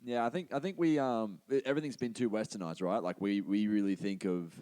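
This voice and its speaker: Male podcast host, very low pitch, brisk. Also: dark tone. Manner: enthusiastic, quick agreeing interjections. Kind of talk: casual interview chat.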